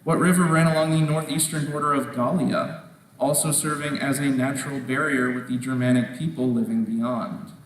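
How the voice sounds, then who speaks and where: Man reading quiz questions, measured delivery, heard from afar, long hall reverb, faint background noise. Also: medium pitch, steady tone, far from the mic. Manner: measured, repeats questions and rules on answers. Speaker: quiz moderator. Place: large indoor competition hall.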